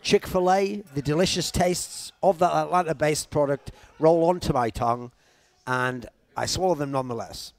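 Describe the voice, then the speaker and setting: A man's voice: on the high side, moderate pace, no room sound. A young man from Northern England with a Geordie accent, an esports commentator bantering in casual colour commentary, joking, rambling and swearing freely. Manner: joking, profane, rambling storyteller.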